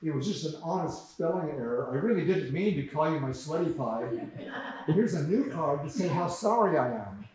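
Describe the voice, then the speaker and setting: A man's voice: fairly high pitch, expressive, moderate pace, darkish tone, close to an everyday voice. A man reading the lines of a hapless, well-meaning old grandfather in a mild, apologetic way. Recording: very echoey room heard from far off.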